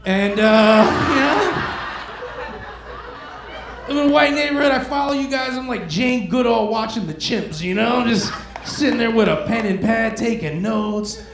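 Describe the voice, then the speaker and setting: A man's voice: very high voice, unhurried. A man doing a stand-up comedy set in a club, talking casually and crudely as he teases the crowd. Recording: echoey club room with crowd noise.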